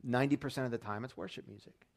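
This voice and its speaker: This pastor's medium-pitched voice races along with some vocal fry. His sermon unfolds as casual storytelling, lightly funny and conversational.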